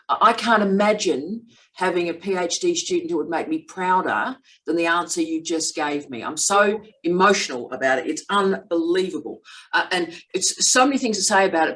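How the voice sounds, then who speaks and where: A woman's voice: lowish voice, fairly bright tone, low-quality recording. A middle-aged woman hosting an academic chat, praising her PhD student in an effusive, emphatic way. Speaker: vlog host and PhD supervisor. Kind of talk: casual academic conversation.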